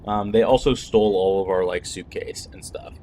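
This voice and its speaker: A man's voice: fairly low pitch, moderate pace, noisy background. A man streaming a narrative game, recapping it casually with lots of fillers and blunt remarks.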